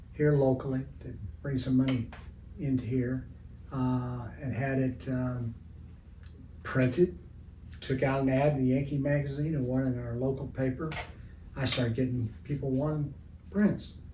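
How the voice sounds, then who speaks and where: A man's voice: medium pitch, darkish tone. An older retired art teacher telling anecdotes in an interview, with a rambling, storytelling manner, in his studio. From Evansville, Indiana area. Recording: roomy, distant mic with faint noise.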